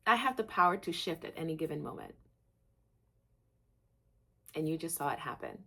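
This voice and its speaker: A woman's voice: moderate pace, creaky. A young woman hosting a gratitude vlog, talking candidly to camera and rambling with lots of "like.". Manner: candid, rambling, heavy use of "like"; laughs at herself, swings between low and excited. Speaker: vlog host.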